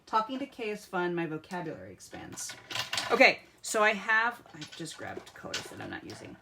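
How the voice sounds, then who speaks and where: A woman's voice: on the low side, huge pitch swings, moderate pace, creaky, background noise. A woman hosting a live craft tutorial, chatting to viewers as she colors and muttering to herself as she picks pens. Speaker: craft demonstrator.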